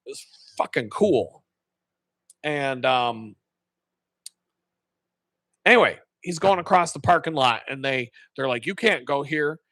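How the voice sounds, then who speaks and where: Male streamer, bright, dry close sound, swears freely while spinning stories. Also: medium pitch, slow pace, long pauses, dry recording. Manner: profane, animated, laughs often. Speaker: live streamer. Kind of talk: casual storytelling.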